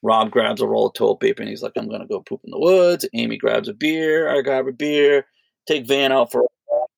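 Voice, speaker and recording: Gravelly husky guy rambling thru a story, cusses a lot, dry close sound. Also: mid-range voice, fairly quick, no echo. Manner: rambling, profane, animated retelling. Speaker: podcast co-host. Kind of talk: casual storytelling.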